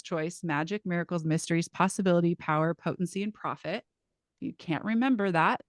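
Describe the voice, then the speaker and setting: A woman teaching a live class in a casual, lively way, swearing now and then and restarting her sentences. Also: on the low side, no echo, clean studio sound. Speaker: class facilitator.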